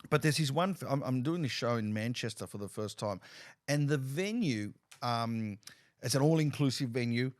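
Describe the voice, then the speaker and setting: A man's voice: mid-range voice, moderate pace. A man, a comedian hosting a casual conversation, telling stories animatedly with many restarts. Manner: animated storyteller, repeats and restarts while gesturing with his voice. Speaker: comedian and show host.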